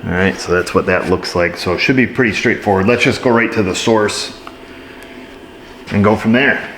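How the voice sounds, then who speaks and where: A man narrates his repair work on a truck in a relaxed, casual way, dropping dry jokes to the viewers as he goes. His voice sits somewhat low and rings off the walls of a roomy auto shop, with faint shop ambience behind him. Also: moderate pace, slight background noise. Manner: dry, joking asides to viewers while diagnosing.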